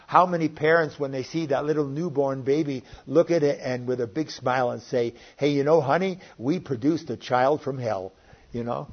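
An older man preaching a sermon, earnest and rising and falling in volume as he quotes scripture. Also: fairly high pitch. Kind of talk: sermon teaching. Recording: dull lo-fi recording.

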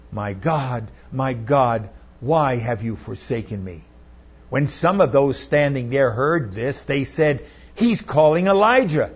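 A man's voice: on the high side, breathy edge, highs cut off. A man, a pastor, reading scripture aloud in a church service and leading prayer, lifting and stressing the quoted words. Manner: reads slowly, lifting and stressing quoted lines.

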